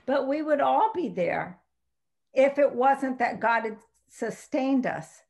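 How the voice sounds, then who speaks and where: A woman's voice: sits high, lively intonation, takes it slowly, vocal fry, darkish tone. A woman in a casual Bible discussion, thoughtfully asking questions.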